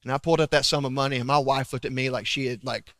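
A young man preaching a sermon, telling stories with loud emphasis and hushed asides. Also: medium pitch, quick pace. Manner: animated storytelling, swinging between loud emphasis and hushed asides. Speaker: pastor. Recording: long reverb of a large hall.

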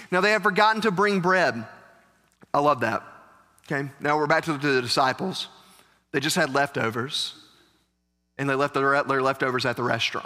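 Man pastor, animated sermon, jokey asides, ringing church reverb. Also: a little high. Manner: animated, joking asides to the congregation. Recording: echoey church hall.

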